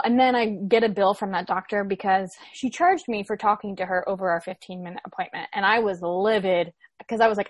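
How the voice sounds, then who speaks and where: As a guest on a podcast, a Florida-born woman in her twenties recounts a personal story in an animated, casual way, using many "like" fillers. Her voice is mid-range, with no echo.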